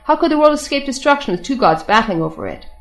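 A woman's voice: on the high side, big pitch swings, fast. A woman voicing a harsh male officer who scoffs at and challenges his captives, within a storybook reading. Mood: scornful. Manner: scornful, challenging.

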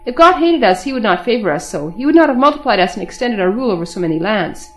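A woman's voice: on the high side, very animated, fast talker, soft background music. A woman reading a scornful brutal officer. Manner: scornful, challenging. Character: harsh scoffing male caliph's officer.

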